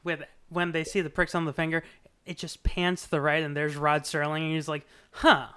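A young adult with a smooth, resonant voice chats casually about a movie. The delivery is wry and sarcastic, full of quick jokes and interruptions, at an ordinary middle pitch. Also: completely flat delivery, bright, forceful tone.

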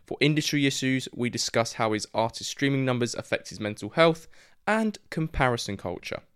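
A man's voice: medium pitch, animated, brisk, smooth, no room sound, studio quality. A man hosting a music podcast, reading a scripted intro and then interviewing a guest in a friendly, chatty way. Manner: friendly, chatty, says "mate". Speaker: podcast host.

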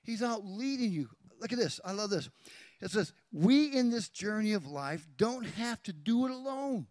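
This pastor's voice sits high and sounds a little mellow, animated at a normal speed, as he preaches a sermon with a live demonstration and calls out to congregants by name. It's a dry, studio-quality recording.

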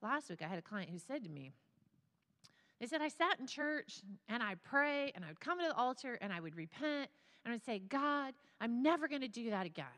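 This woman's voice sits on the high side, sounding sharp, very animated, and fairly quick. She's a therapist giving a sermon talk to a congregation, earnest, teary, and conversational, and her words ring with long hall reverb through a large church sanctuary.

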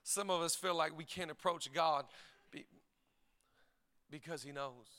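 Bright, high-voiced preacher, swinging loud to soft. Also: male voice, a little slow, long reverb tail. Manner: swings between shouted exclamations and hushed, quiet passages; calls on the congregation for praise. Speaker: pastor. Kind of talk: live sermon. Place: church service.

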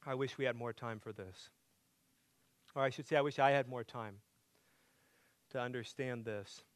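A man preaching a sermon as pastor, moving between emphatic loud passages and hushed quiet ones. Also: medium pitch, steady tone, normal speed, no echo.

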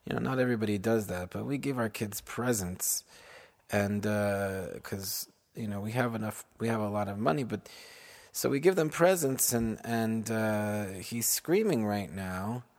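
A man's voice: on the low side, unhurried. A man voicing a tired, exasperated wealthy mother who rambles wearily. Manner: weary and rambling.

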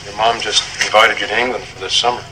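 A man's voice: on the low side, steady tone, quick pace, close to an everyday voice. An actor playing a divorced father who talks in a dry, teasing way, heard in a TV drama clip. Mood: wry. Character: divorced father, warm and wry. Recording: TV clip with loud background noise.

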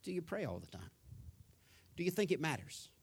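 A middle-aged man preaching a sermon as a pastor, rising to loud emphatic declarations and dropping to a soft, subdued voice when telling a personal story. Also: on the high side, sing-song, fairly quick, breathy edge.

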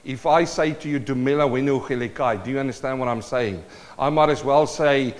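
A man's voice: medium pitch, brisk. A man with a South African accent preaching a sermon in a church, playful and calling out to the congregation. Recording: long church hall reverb.

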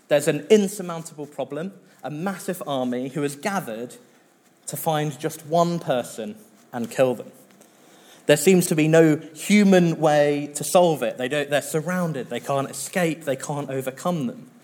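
Male pastor, sermon, earnest and conversational, fairly high voice, occasional filler pauses. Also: darkish tone.

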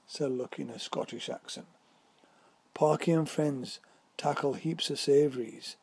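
A man narrating a whimsical story in a measured reading voice. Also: on the high side, creaky, darkish tone.

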